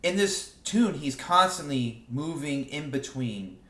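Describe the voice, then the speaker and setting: A man's voice: a little high, slow. Easygoing man teaching sax in echoey room. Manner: relaxed, explains with sung examples, repeats words. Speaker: saxophone teacher. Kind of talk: casual music lesson. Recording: roomy echo.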